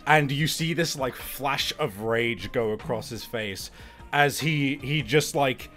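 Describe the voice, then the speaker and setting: A man playing a tabletop game, excitable and laughing as he describes his character's actions. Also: mid-range voice, slow, faint music behind. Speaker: player. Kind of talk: casual chat over a tabletop game.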